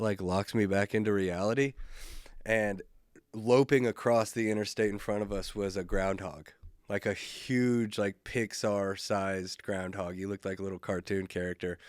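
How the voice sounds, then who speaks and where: A male comedian hosts his solo podcast with a fairly low voice, rambling loosely through stories. He swears casually and pokes fun at himself. The recording is close and dry. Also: no room sound. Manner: laid-back, rambling, profane, self-mocking.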